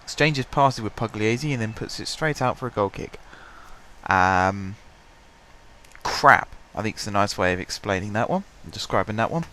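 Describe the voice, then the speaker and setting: Casual male gamer narrating play, congested and throat-clearing, lowish voice, light background hiss. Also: animated, moderate pace, sharp tone. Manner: chatty, self-deprecating, clears his throat often. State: stuffy, blocked-up voice. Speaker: gaming commentator. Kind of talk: casual let's-play commentary.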